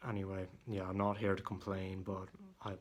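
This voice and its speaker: Deep-voiced young man, hesitant and flat. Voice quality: deep voice that cracks at times. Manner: hesitant, halting, with many fillers and restarts; irritated, venting. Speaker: vlogger. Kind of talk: casual monologue. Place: room at home.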